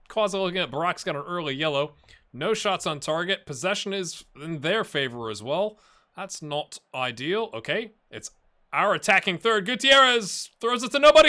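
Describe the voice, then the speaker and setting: A Scottish man hosting a casual let's-play from his home office, chatty and excitable, bursting into loud commentary when the match heats up. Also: a little high. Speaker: gaming channel host. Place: home office with a blue screen.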